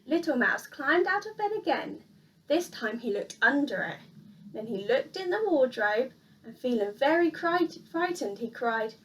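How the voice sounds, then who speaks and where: A woman reading a children's picture book aloud in an expressive, sing-song storyteller manner. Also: sits high, a little slow, recorded from a distance.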